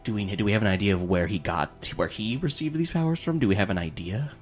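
A man's voice: lowish voice, expressive, fast talker, faint music behind. A man narrating as game master in a casual way, with many fillers.

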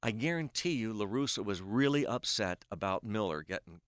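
A man's voice: fairly low pitch, normal speed, dry recording. Middle-aged guy, sports announcer telling stories on a podcast, acts out the dialogue, dry close mic. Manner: animated storyteller who acts out quoted dialogue. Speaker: guest, baseball play-by-play announcer. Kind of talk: casual podcast storytelling.

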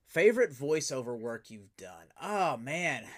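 A man hosting a podcast, an enthusiastic and animated storyteller chatting casually. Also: medium pitch, unhurried. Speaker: podcast host and voice actor. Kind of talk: casual interview chat.

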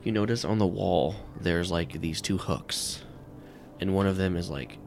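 Man, game master, very low voice, gravelly, rambling narration. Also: a little slow, darkish tone, soft background music. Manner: rambling, full of "like" and "um".

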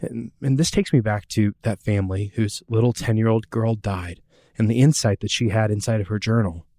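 A man's voice: fairly low pitch, moderate pace, mellow, dry recording, clean studio sound. A man giving an earnest Bible teaching talk, telling stories and voicing people's questions.

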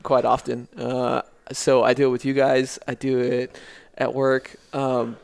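A man's voice: medium pitch, completely flat delivery, unhurried, creaky, darkish tone, smooth. A man from El Paso, a podcast guest, chatting in a laid-back, blunt way and swearing casually. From El Paso, Texas. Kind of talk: casual chat.

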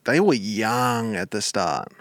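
Low-key young man. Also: sing-song, slow pace, no echo. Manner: low-key, understated, mild. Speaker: podcast co-host. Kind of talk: casual comedy podcast chat.

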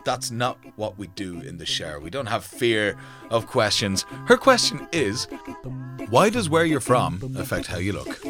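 A man's voice: on the low side, big pitch swings, moderate pace, music in the background. A man co-hosting a casual podcast, playful and jokey. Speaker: podcast co-host.

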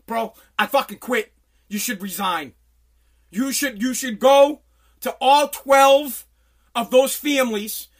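A man hosting a podcast from his home basement, delivering an angry, profane political rant that bursts into shouting. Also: very high-pitched. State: sweating. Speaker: podcast host.

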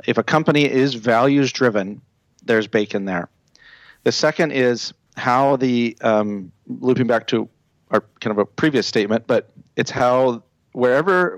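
A man who works as a branding consultant, explaining his ideas with confidence in a relaxed podcast chat, walking through points one by one. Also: medium pitch, no room sound. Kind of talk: casual podcast conversation.

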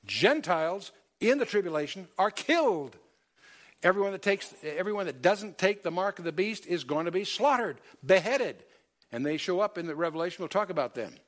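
A man's voice: high-pitched, animated, moderate pace. A man teaching a Bible study lecture, emphatic, quoting scripture in old-fashioned wording, with many fillers and self-corrections. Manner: emphatic, quotes scripture in King James wording.

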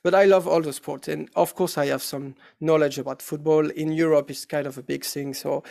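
This is a man with a French accent answering questions in English, a native French speaker. His voice is gravelly and sits a little high. He hesitates often and searches for the right words. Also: steady tone, a little fast, darkish tone. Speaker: actor guest. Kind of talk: casual interview answers.

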